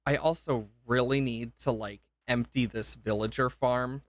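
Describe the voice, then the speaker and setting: A young man chats slowly through a live game stream, gushing and emotional, stopping and restarting his sentences. His voice sits at an ordinary pitch. The sound is dry and close, with no room around it. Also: steady tone, no room sound. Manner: emotional, gushing repeated thank-yous; rambling with self-interruptions. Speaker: livestreamer. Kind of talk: live gameplay stream chat.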